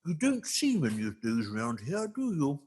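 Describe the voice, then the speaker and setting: A man voicing an excitable little male frog in a joke, gasping and exclaiming in a high, shouty voice. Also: moderate pace, breathy edge, full character voice. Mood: gasping amazement. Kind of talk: telling a joke.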